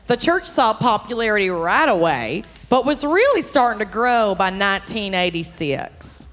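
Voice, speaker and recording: A woman's voice: mid-range voice, moderate pace, faint music behind. Joking Minnesotan woman onstage. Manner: animated and joking, calling out to the crowd. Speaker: podcast co-host presenting a case. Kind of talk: comedic true-crime storytelling before a live audience. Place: live theater show. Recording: live venue with long reverb and faint noise.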